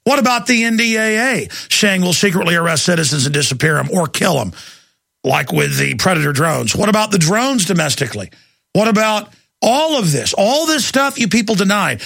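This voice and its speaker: A man's voice: on the high side, gravelly, pushed and bright, dry recording. A man hosting a talk radio show, ranting sarcastically and with emphasis.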